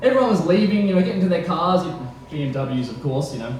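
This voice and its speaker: A young man doing stand-up, his high voice hesitant and full of fillers. The mic catches a heavily echoing room with faint noise behind him. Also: very animated, a little mellow. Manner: nervous, halting delivery with fillers and laughs. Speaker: stand-up comedian. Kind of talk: stand-up comedy set. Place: comedy venue with audience.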